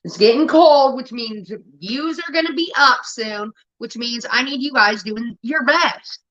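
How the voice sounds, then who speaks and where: A woman's voice: fairly high pitch, measured pace, sharp tone. A woman hosting a livestream in casual chat, blunt and profane, irritated with her moderators. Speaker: livestream host. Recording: dull lo-fi stream audio.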